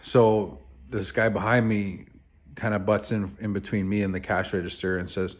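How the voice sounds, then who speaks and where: A man's voice: fairly low pitch, little pitch movement, moderate pace. A man from Canada telling a personal story to camera in a laid-back, rambling way, with many fillers and some swearing. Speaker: vlogger.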